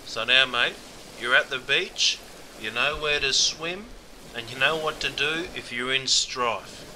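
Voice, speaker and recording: A man's voice: mid-range voice, a little slow, bright, forceful tone, slight background noise. An Australian man narrating a comic script, chummy and calling the listener mate all the time. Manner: chummy, says mate constantly. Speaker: narrator and host.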